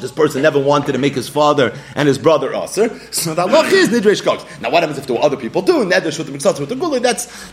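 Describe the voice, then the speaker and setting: Man, Yeshiva English accent, Talmud class, high voice, quick delivery. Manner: animated, acts out little scenes with voices. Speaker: Talmud teacher.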